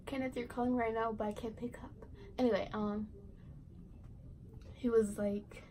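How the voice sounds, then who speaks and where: A woman's voice: on the high side, fairly even intonation, measured pace, long pauses, slight background noise, rough recording. A teenage girl vlogger telling a casual storytime, rambling and giggly, full of "like" and "right". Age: teens.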